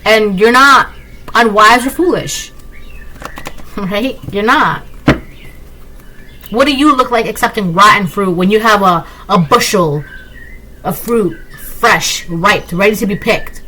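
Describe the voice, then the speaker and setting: Tarot reader lady, bright voice, keeps saying right?, bit of hiss in the background. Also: medium pitch, slow pace, long pauses, low-quality recording. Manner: emphatic, repetitive, rhetorical "right?" asides. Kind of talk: casual tarot reading monologue.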